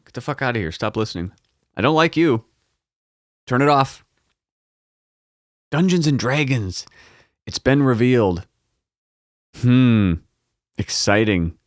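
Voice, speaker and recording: A man's voice: on the low side, no room sound, clean studio sound. A man hosting a pinball podcast, rambling and swearing in casual solo chat. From United States. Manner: rambling, profane, self-mocking. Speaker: podcast host.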